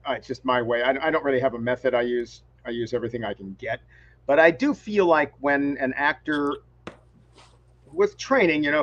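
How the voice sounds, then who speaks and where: Man actor musing about his craft, muffled lo-fi sound, calm measured talk. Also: medium pitch. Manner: thoughtful, measured. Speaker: stage actor guest. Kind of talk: reflective interview talk.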